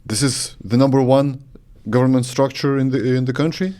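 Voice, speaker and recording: A man's voice: medium pitch, steady tone, moderate pace, mellow. A man hosting a podcast interview, moving the talk along with short prompting questions. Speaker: host.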